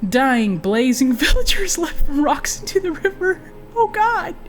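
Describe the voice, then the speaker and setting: A woman's voice: high-pitched, big pitch swings, unhurried, faint music behind. A woman streaming a game, reading a book aloud and breaking off for chatty, giggly asides.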